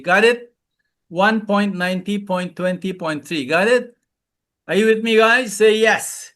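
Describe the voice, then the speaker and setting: A man coaching a live webinar, loud and playful, calling out repeated commands and leading laughter exercises over a video call. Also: sits high, unhurried. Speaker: wellness coach, webinar speaker.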